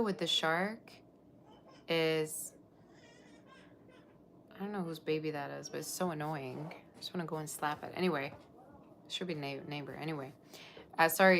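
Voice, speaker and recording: A tarot reader on a live stream, this woman has a low voice with a fairly bright tone, and slight background noise is audible. Between cards she chats loosely and gushes over her viewers.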